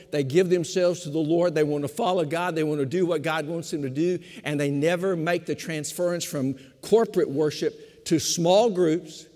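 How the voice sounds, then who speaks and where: Older pastor guy preaching, repeats lines hard, slows down to hit a point, big reverby hall. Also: fairly high pitch, fairly even intonation, darkish tone. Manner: emphatic preaching, repeats key phrases, shifts between slow stress and quick asides. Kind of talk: sermon.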